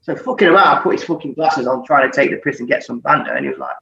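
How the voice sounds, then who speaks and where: Rapid-fire, gravelly, and pushed bright at medium pitch, a forties-aged ex-footballer rattles off stories on a podcast, swearing nonstop and laughing through them in casual conversation. Expect a roomy, muffled sound with a faint hiss.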